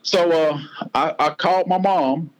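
A man's voice: a little high, measured pace, rough recording. A man in his forties with a Southern US accent, telling a personal story as a podcast guest in an earnest, heartfelt way. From North Carolina, US.

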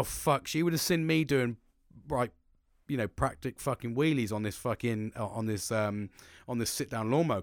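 A young man rambles through a story in a dry, close recording, swearing all the time and laughing as he talks. His voice sits at a middle pitch, and he bursts into excited highs and falls to low mutters. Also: no room sound. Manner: swears constantly, animated, laughs through stories. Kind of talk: casual storytelling to camera.

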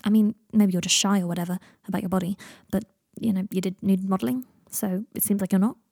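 A woman voicing a guilty, flustered young man who stammers, often breathy and strained. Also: medium pitch, steady tone, fast, warm tone, dry recording, studio quality.

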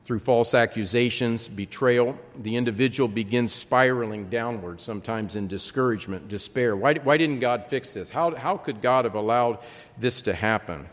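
A man preaching a sermon, reading scripture aloud with lively emphasis and frequent repeated words. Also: medium pitch, moderate pace. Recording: long reverb.

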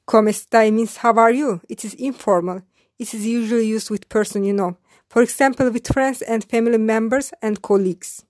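Female language teacher, higher voice, dry close voice-over, slow repeat-after-me lesson delivery. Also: a little mellow, dry recording. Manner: syllabifies and repeats phrases slowly for learners.

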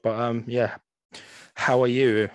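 A man's voice: mid-range voice, little pitch movement, slow pace, dry recording. A young man co-hosting a gaming podcast in easygoing, sweary casual chat, peppering his talk with "man.". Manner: laid-back, sweary, says "man" a lot. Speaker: podcast co-host. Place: home room, green-screen beach backdrop.

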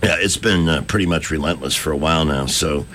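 A man's voice: rumbling low, a little fast, a bit bright, a little hiss or hum. A man hosting live radio, chatting in an easygoing, joking way. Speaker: radio host. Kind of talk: casual live radio chat.

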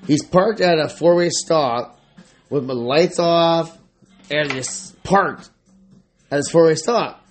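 A man's voice: on the high side, slow, pauses often, soft background music. A man co-hosting a podcast, telling a story in casual chat, laughing often, swearing, and acting out what people said. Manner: laughing, swearing, acts out quotes. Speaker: podcast co-host.

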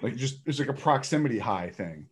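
Animated ranting man, lively pitch. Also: slight background noise. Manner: animated, emphatic, swearing, quick to rant. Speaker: podcast co-host reviewing a film. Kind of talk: casual chat.

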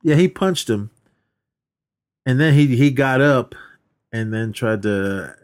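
A man's voice: medium pitch, animated, slow pace, pauses often. A man co-hosting a podcast, casually recapping a film in a rambling way, acting out quoted lines and laughing as he goes. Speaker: podcast co-host. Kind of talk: casual movie recap chat.

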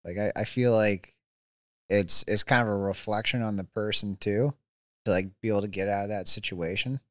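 A man's voice: on the low side, steady tone, moderate pace, no room sound. A man in his thirties, a mountain biker guest telling his injury stories in a laid-back chat, with many likes and restarts. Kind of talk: casual chat.

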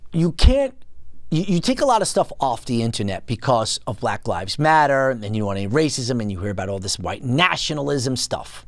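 A podcast host with a medium-pitched voice delivers ranting commentary, sounding indignant, incredulous and mocking. There's no echo on the recording.

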